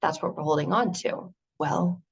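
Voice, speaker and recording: A woman giving an earnest, animated motivational talk, full of rhetorical questions. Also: deep voice, normal speed, breathy edge, muffled recording. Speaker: motivational speaker.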